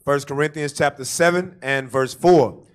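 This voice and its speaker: A man reading Bible verses aloud for the bishop in a steady, plain way, heard from some way off the microphone. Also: a little high, moderate pace, clean tone. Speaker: scripture reader.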